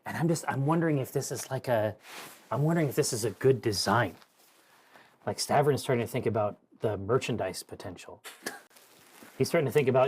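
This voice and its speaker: A man playing in a tabletop role-playing game, talking casually and excitedly, often restarting his sentences. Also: mid-range voice, a little fast, long pauses, slight background noise. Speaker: player.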